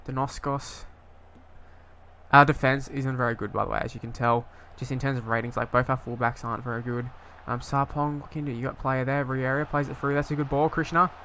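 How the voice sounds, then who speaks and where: Casual gamer, young man, mid-pitch voice, rambling play-by-play with sweary outbursts, faint hiss behind. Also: steady tone, fairly quick, bright, forceful tone. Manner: rambling, hesitant, bursts into swearing frustration. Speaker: gaming YouTuber. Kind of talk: casual game commentary.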